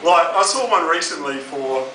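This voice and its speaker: A man's voice: on the high side, expressive, moderate pace. A young Australian man doing a crude, sardonic stand-up comedy set on a club stage. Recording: roomy, distant live club recording with audience noise.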